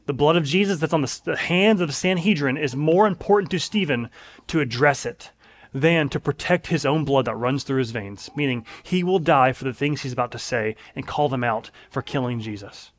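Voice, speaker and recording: A man's voice: medium pitch, moderate pace. A man preaching a sermon in an earnest, emphatic way, leaning on repeated phrases.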